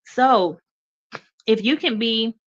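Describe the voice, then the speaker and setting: A woman with a slightly high voice speaks slowly over lo-fi audio, sounding a little stuffy. Hosting a radio show, she gives an encouraging motivational talk, calling her listeners y'all and repeating okay.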